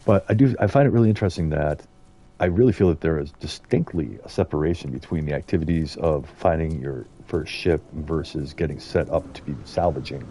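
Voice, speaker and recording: A man's voice: very deep voice, a little fast, dark tone, slightly rough. A middle-aged man from the United States giving rambling, casual commentary as he streams a game and chats to viewers. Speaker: gaming streamer.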